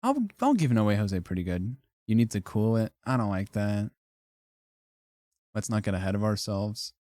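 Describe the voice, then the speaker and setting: A man's voice: on the low side, big pitch swings, moderate pace, darkish tone, no room sound, clean studio sound. A man streaming live, ranking things in casual, profane, joking commentary and laughing often.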